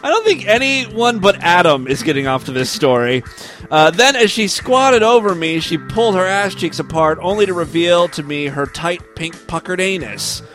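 High-voiced man reading a story aloud. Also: lively intonation, normal speed, a bit bright, soft background music. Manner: wry asides between read passages. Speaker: podcast host.

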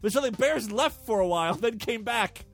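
A man's voice: high voice, animated, normal speed, soft background music. A man hosting a podcast, reading out news with crude, irreverent commentary and frequent laughter. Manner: irreverent, laughs often, mock voices for quotes. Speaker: podcast host.

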